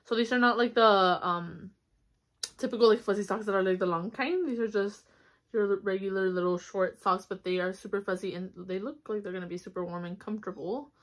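A woman's voice: mid-range voice, brisk. A young woman chatting casually at home to a camera on a stand, upbeat and full of fillers. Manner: chatty, upbeat, with fillers and little squeals of delight. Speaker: vlogger. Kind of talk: casual haul vlog chat. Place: home, indoors.

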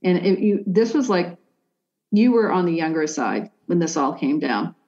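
A woman with a lowish voice works through a psychic reading, hesitating, restarting and leaning on "like" as she goes. The sound is dull and lo-fi. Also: moderate pace, mellow. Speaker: psychic medium. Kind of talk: conversational reading for a sitter.

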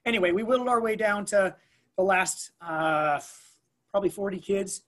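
Speaking at a moderate pace in a somewhat higher-than-usual voice, a school staff member tells the story of an emergency during a relaxed interview. He's animated, often stumbles and starts over, leans on fillers, and lifts his voice to act out others' words.

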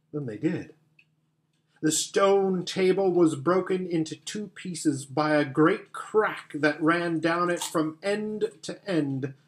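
A man narrating a children's fantasy story as an audiobook reader, with gentle storytelling. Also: fairly high pitch. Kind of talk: scripted narration.

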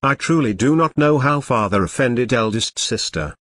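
A man's voice: mid-range voice, expressive, moderate pace, a bit bright, dry recording, natural voice. A man reading as a cool-headed young noblewoman. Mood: calm, pointed. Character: sharp-witted young noblewoman, calm and pointed.

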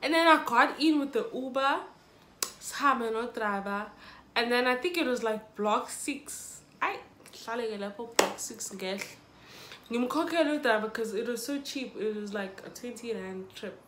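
A woman's voice: a little high, expressive, moderate pace, fairly bright tone, roomy sound. A young South African woman telling a dramatic storytime to her viewers. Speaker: YouTuber. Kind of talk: storytime vlog.

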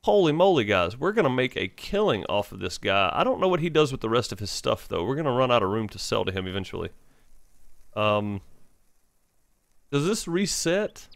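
A man's voice: medium pitch, very animated, moderate pace, gravelly, no echo. A man hosting a gaming channel, giving casual let's-play commentary and thinking aloud with many fillers.

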